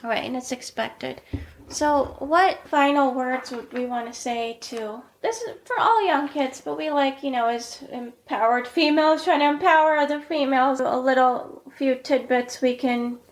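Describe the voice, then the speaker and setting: A woman in her forties talks in a relaxed podcast chat. Her voice sits a bit high, and she sounds encouraging and quick to laugh. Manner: chatty, encouraging, laughs easily. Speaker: podcast host. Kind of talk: casual chat.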